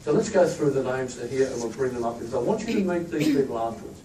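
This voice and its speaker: In an echoey event room, an institute leader gives a chatty, joking speech, introducing staff members to a crowd. His voice is medium-pitched and warm, with lively intonation, and he talks fast. A distant mic picks him up along with the room's echo and crowd noise.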